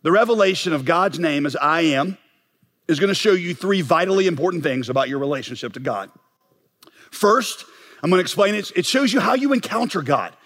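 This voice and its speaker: A man preaching a sermon as pastor, emphatic and building to forceful peaks. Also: fairly high pitch, lively intonation, a little fast. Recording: long reverb of a large hall.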